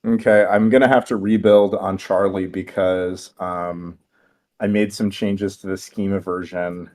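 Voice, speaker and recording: Blunt, profane man with a lowish voice. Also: steady tone, unhurried. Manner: blunt and profane, thinks out loud. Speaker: developer co-host. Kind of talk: casual livestream chat.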